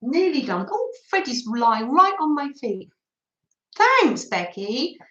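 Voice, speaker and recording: A woman's voice: sits high, big pitch swings, slow, bright, forceful tone, highs cut off. A woman from England hosting a craft livestream, chatting casually with viewers while she sews and laughing often. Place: home room. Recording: echoey room.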